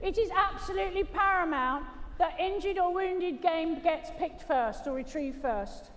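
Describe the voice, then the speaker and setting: A woman's voice: extremely high pitch, unhurried, fairly bright tone. A British woman giving a gundog training demonstration, chatting jokily with the crowd and praising her dogs as she explains. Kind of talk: live commentary over a loudspeaker. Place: large indoor arena. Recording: echoey arena PA from far off.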